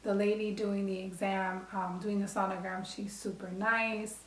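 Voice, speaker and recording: Woman vlogger from the Bronx, lively storytelling to camera, echoey room. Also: medium pitch, moderate pace. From Bronx, New York. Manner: animated, acts out quoted dialogue. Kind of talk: casual storytelling. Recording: roomy echo.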